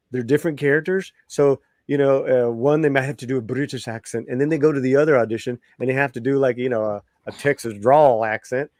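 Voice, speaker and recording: A man's voice: mid-range voice, a little mellow, dry recording, studio quality. A man hosting a live-streamed talk show, chatty, laughing easily and repeating his phrases. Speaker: host.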